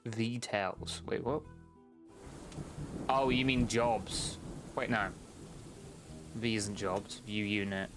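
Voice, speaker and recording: A man's voice: lowish voice, fairly even intonation, slow, long pauses, over music. A young man casually commenting on a game during a live stream, exasperated with the characters, swearing and laughing often.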